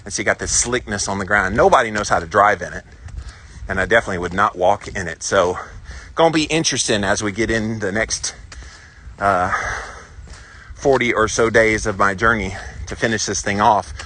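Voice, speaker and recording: A Southern man in his forties talks through a casual walk-and-talk, rambling and upbeat as he answers viewers. His voice sits fairly low yet sounds bright and forceful. Faint outdoor noise hums behind him. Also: normal speed. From South Carolina, US. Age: 40s. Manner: chatty, rambling and upbeat while walking. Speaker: vlogger answering live viewer comments. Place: outdoors on a hilly walking trail.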